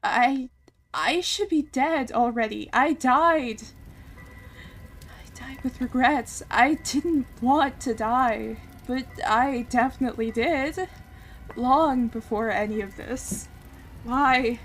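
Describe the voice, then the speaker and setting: A woman's voice: sits high, slow pace, a bit bright, a little hiss or hum, voice pushed up, exaggerated voice. A woman voicing a desperate young woman burning in a game, pleading and screaming with a breaking voice. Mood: anguished.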